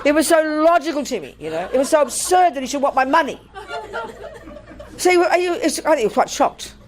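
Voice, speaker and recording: An older woman, a Buddhist nun, giving a dharma talk in a blunt, animated way and laughing through her stories. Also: high-pitched, a little fast, a crowd in the background, noisy background.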